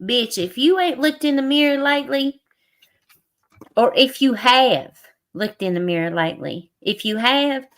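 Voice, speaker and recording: A woman's voice: fairly high pitch, lively intonation, unhurried, fairly bright tone. A woman in her forties with a Southern US accent, chatting bluntly and profanely on a livestream. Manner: blunt, profane, dialect-heavy ranting. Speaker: livestream co-host. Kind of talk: casual livestream chat.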